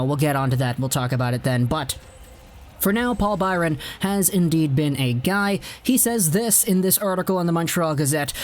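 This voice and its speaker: A male hockey commentator talking casually to his viewers. His voice sits a touch high and he sounds eager and chatty, dropping in the odd sarcastic remark. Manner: enthusiastic, chatty, sarcastic asides. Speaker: hockey channel host.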